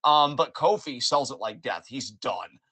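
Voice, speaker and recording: Podcast guy ranting and joking, swears a lot, bright sharp voice, dry close mic. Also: mid-range voice, a little slow, dry recording. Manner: animated, profane, joking. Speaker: podcast host. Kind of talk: casual wrestling recap chat.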